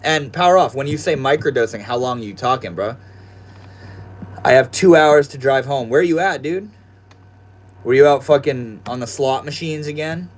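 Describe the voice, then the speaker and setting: Man doing his own talk young male streamer, laid-back and slangy, casual chat from his room, mid-pitched. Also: normal speed. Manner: laid-back, slangy, addresses viewers as bro and dude. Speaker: livestream host. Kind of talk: casual livestream chat reading viewer comments.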